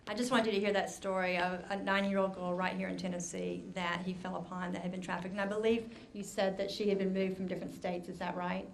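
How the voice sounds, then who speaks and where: Woman moderator, low monotone with some fry, faint room noise behind her. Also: quick pace, few pauses. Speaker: press conference moderator. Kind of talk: moderating a press conference. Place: press conference room.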